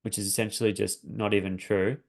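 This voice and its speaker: Earnest man with a gravelly low voice. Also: little pitch movement, fairly quick. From Australia. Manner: earnest, searching, repeats and restarts phrases. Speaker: coach. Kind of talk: reflective personal talk.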